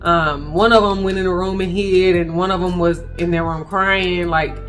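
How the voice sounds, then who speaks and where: A woman recounting a frightening personal experience to her viewers, speaking in halting bursts and addressing them directly. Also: on the low side, fairly even intonation, soft background music. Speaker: vlogger telling a personal story. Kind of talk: emotional personal storytelling.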